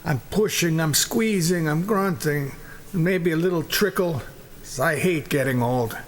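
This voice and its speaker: A man's voice: a little high, measured pace, pitched above the performer's own voice, lightly acted. A man playing a complaining man in his eighties. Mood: grumbling. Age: 80s. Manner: grumbling, complaining. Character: complaining 85-year-old man.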